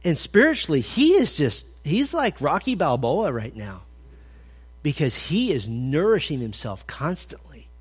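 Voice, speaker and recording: Lively, joking man preaching to men. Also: fairly high pitch, unhurried, breathy edge. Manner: energetic and humorous, acts out little scenes; asks the listeners direct questions. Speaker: men's ministry speaker. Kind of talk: conversational sermon at a men's breakfast.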